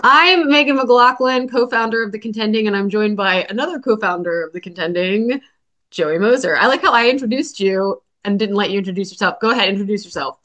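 A woman's voice: medium pitch, fairly quick, a bit bright. A woman hosts a podcast in a loose, chatty way, filling her talk with ums and easy laughter. She has a sore throat and is talking around a cough drop. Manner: chatty, laughs often, many fillers. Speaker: podcast co-host. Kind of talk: casual podcast chat.

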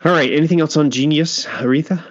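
A man's voice: fairly high pitch, quick pace, highs cut off, a little hiss or hum. A man hosting a podcast in casual chat, laughing often and trailing off into restarts. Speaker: podcast host.

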